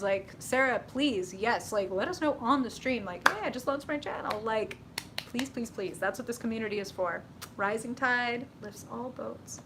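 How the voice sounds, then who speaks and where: Excitable woman doing live tarot readings, talks bright and tense, faint rumble in the background. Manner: chatty, excitable, lots of "like" and laughs, reads chat aloud. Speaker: tarot reader and live-stream host.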